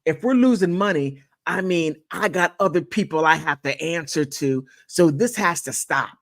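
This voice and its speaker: A woman's voice: deep voice, animated, moderate pace. A woman voicing a blunt, exasperated male music boss. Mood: stern.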